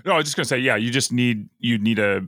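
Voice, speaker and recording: Bright-voiced man chatting with quips. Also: medium pitch, quick pace, no room sound, clean studio sound. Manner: short reactions and quips. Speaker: podcast co-host. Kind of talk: casual chat.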